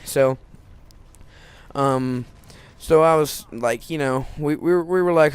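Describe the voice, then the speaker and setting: A man's voice: a little high, slow pace, clean tone, no echo. A teenage boy telling a personal story in a casual, rambling way, full of restarts and fillers.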